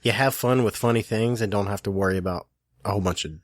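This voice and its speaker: A man's voice: lowish voice, fast, no echo, clean studio sound. A man co-hosting a podcast in casual chat, teasing and easygoing, often breaking into laughter. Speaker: podcast co-host.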